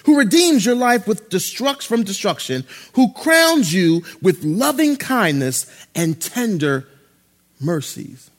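A male pastor preaching a sermon, swinging from loud, excited preaching to low, hushed tones. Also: slow.

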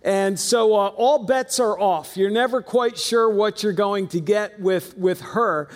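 A middle-aged man preaching in a church auditorium, with a high, bright pitch for a man. He tells stories in a folksy, wry way, and his voice rings with the long reverb of a large hall. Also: a little slow, soft background music. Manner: folksy storytelling with wry humor. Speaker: pastor. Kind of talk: sermon.

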